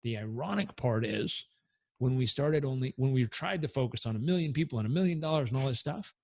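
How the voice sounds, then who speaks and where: An earnest, energetic man speaks as a coach in an interview, his voice sitting at a middle pitch. The recording is close and dry, with no room sound. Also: fairly quick, gravelly, no room sound. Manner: earnest, energetic, leads breathing exercise aloud. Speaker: performance coach guest. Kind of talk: podcast interview answers.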